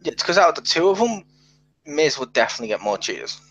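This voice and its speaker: Man, podcast co-host, lively pitch, blunt and joking. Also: fast talker, lo-fi sound. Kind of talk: casual wrestling chat.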